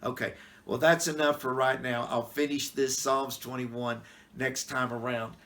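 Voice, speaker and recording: A middle-aged male pastor talks through scripture in a relaxed, folksy manner. His voice sits at an ordinary middle pitch for a man, and he keeps the tone plain-spoken and conversational. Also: measured pace. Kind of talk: casual devotional Bible talk.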